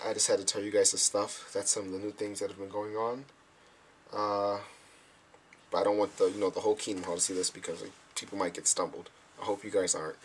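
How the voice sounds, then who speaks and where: A man's voice: on the low side, a little hiss or hum. A young man telling stories casually to friends back home, acting out his own reactions as he goes. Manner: animated, acts out quoted reactions. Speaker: vlogger.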